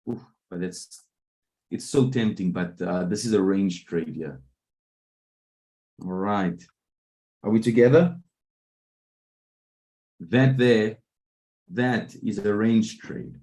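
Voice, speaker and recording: A man coaching a live online trading room, often pausing to ask whether his listeners are following. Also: on the low side, steady tone, a little mellow. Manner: keeps checking in with listeners. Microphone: video call.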